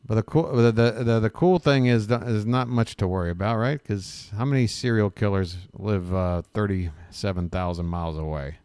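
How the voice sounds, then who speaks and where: A man's voice: on the low side, normal speed, few pauses, a little mellow, clean tone, no room sound. A man hosting a live stream, riffing with sarcastic jokes in a rambling, self-interrupting way. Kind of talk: casual live-stream commentary.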